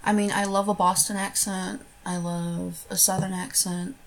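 A woman's voice: medium pitch, flat delivery, moderate pace. A young American woman doing a casual accent-tag video, giggling often between her answers. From United States. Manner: giggly, laughs between words. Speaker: vlogger.

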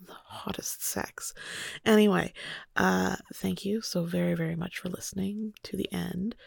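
A young woman narrating an intimate first-person story in a soft, hushed voice that often slips into a whisper, then chatting casually with many fillers. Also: fairly low pitch, steady tone, gravelly, breathy edge, no room sound, studio quality. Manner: chatty and halting with fillers when speaking off-script.

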